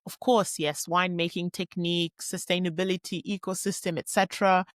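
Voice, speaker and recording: A woman's voice: on the low side, level tone, fairly quick, dry recording, clean studio sound. Woman host in a conversational tone. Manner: conversational, thinks aloud with fillers. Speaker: podcast host. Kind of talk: casual interview talk.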